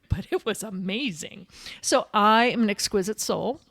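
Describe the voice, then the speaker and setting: A woman tells a story in a casual podcast chat. Her voice sits a little high, and she slips into the voices of the people she quotes. She keeps an animated storyteller's pace throughout. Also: normal speed. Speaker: podcast co-host.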